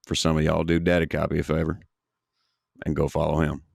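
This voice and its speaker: A man's voice: rumbling low, completely flat delivery, fairly quick, creaky, a little mellow, dry recording, studio quality. A man co-hosting a casual podcast, talking brashly and emphatically with plenty of swearing. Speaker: podcast co-host.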